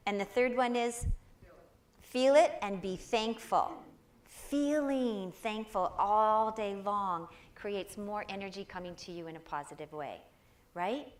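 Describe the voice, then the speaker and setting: A woman giving a live inspirational talk at a spiritual center, lively and encouraging, prompting the audience to answer back. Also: mid-range voice, slow pace.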